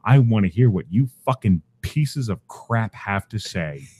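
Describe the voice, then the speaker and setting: A young man hosting a podcast, delivering an angry, profane rant loud and fast, cursing constantly. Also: lowish voice, animated, husky. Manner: profane, furious, shouting rant. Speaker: podcast host. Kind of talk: angry ranting commentary.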